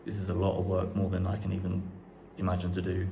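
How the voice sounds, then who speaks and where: A man's voice: low voice, completely flat delivery, fast talker, gravelly. A young man chatting casually to camera, rambling and swearing now and then, in an unfinished house. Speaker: vlogger. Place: unfinished house under renovation, indoors. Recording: echoey empty room, faint background noise.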